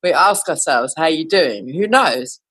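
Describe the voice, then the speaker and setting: A woman musician talking in a casual interview over a video call, reflective and quick to laugh. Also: deep voice, lively intonation, fairly bright tone, slightly rough. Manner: reflective, laughs easily, says "you know". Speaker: musician guest.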